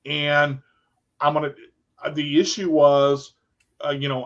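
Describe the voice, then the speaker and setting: A man's voice: on the high side, little pitch movement, slow, pauses often, fairly bright tone. A middle-aged man, a radio host, telling a personal story in casual talk. He is emotional and repeats himself, often restarting his sentences. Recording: dull lo-fi sound.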